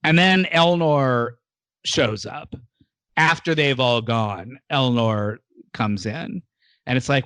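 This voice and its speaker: A man's voice: medium pitch, slow, a bit bright, clean tone, dry recording. A man co-hosting a podcast, casually retelling a TV episode and acting out the characters' lines. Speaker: podcast co-host. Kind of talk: casual chat recapping a TV episode.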